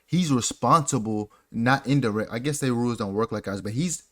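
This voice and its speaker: A young adult man co-hosting a casual chat, talking in an animated, slangy way and ranting about a story. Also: mid-range voice, a little fast. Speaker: podcast co-host.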